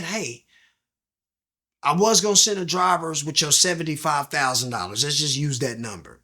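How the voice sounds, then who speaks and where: Animated man telling his story in slang. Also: fairly high pitch, normal speed. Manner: slangy, animated, acts out quoted dialogue. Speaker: guest. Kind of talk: candid storytelling interview.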